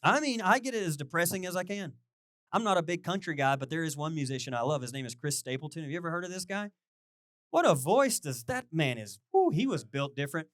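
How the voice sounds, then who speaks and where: Speaking a little fast in a high voice, a pastor gives a chatty, loose sermon captured at studio quality without echo. He's animated and full of jokes, breaking into song at times and quizzing the congregation.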